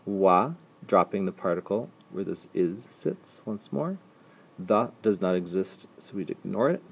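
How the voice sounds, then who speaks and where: Male teacher, low husky voice, patient step-by-step explainer who repeats examples slowly. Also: expressive. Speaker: language teacher. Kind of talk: recorded slide lecture.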